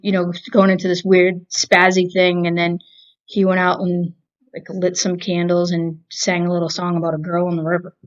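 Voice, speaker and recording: Boston woman co-host, lower voice, wry rambling delivery, muffled home recording. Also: monotone, normal speed. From Massachusetts. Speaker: podcast co-host. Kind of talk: casual movie review chat.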